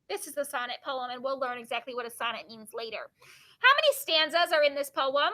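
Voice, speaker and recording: A woman's voice: high voice, animated, a little fast, bright, forceful tone. A woman teacher reading a book of poems aloud to her class, stopping to ask students questions and explain.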